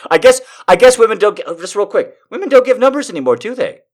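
A man with a high, breathy-edged voice reads an erotic story aloud as a joke, hamming it up. He swings between whispers and shrieks, and keeps breaking off to laugh and swear.

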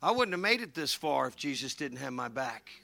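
A man preaching a sermon as pastor, swinging from hushed asides to fervent shouting. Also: mid-range voice, sing-song, brisk, creaky.

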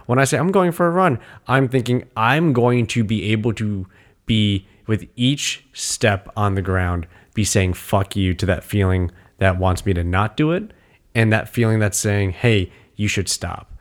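A man's voice: lowish voice, unhurried. A man in casual podcast chat, talking in a defiant, intense way with plenty of swearing. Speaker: podcast co-host.

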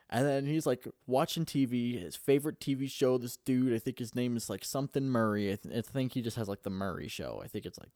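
A man's voice: medium pitch, expressive, a little fast, a little mellow, no room sound, clean studio sound. A young man casually recapping a movie in a rambling, profane way, full of fillers.

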